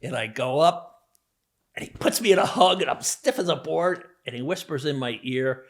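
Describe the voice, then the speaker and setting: A man's voice: fairly high pitch, normal speed. A man from New Jersey, a podcast guest, telling his own life story in a casual, earnest way, full of fillers and acted-out quotes.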